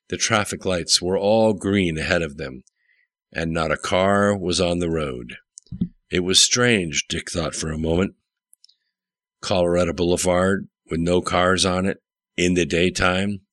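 A man narrating an audiobook in a steady, matter-of-fact storytelling manner. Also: low voice, measured pace, no room sound. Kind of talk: scripted narration.

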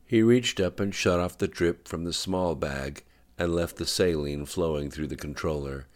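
A man reading fiction aloud in a steady, understated narration. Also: deep voice, moderate pace. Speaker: audiobook narrator. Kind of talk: scripted narration.

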